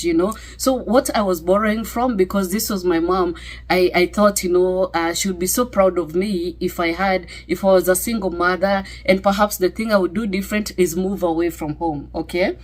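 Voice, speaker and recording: A woman's voice: on the low side, fairly even intonation, moderate pace. A middle-aged woman with a Kenyan accent sharing a personal testimony in a conversational way, full of fillers and "okay?" tags. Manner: conversational, many fillers and tag questions.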